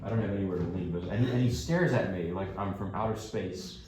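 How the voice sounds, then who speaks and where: A man's voice: low-pitched, fast talker, a little mellow. A man from New Jersey who plays classical piano, telling a self-deprecating story to an audience in a casual way. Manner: chatty, self-deprecating anecdote teller. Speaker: classical pianist giving a recital talk. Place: concert hall. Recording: echoey hall from far off, background noise.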